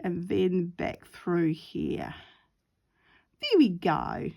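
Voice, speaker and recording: A woman's voice: on the low side, very animated, very slow, vocal fry, dark tone. A middle-aged woman chatting casually while she sews, laughing often and acting out the voices in her story. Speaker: craft vlogger.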